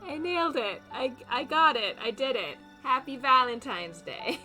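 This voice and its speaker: A playful woman streamer reading a dating game aloud and cracking jokes between the lines. Her voice is fairly high and very animated, leaping up and down in pitch. Faint game music runs underneath. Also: slow pace, long pauses. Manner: playful and giggly, reacts loudly and jokes. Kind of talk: casual gaming commentary, reading game text aloud.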